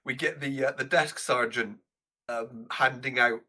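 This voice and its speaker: A man co-hosting a movie podcast, talking in halting bursts and laughing often as he recalls scenes. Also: mid-range voice, steady tone, bright, forceful tone. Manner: halting, laughs often, loses his train of thought. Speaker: podcast co-host. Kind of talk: casual movie review chat.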